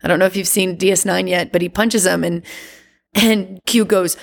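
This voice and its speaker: A woman chatting as a podcast guest, animated and laughing often, with many fillers. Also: on the low side, normal speed, creaky. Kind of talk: casual chat.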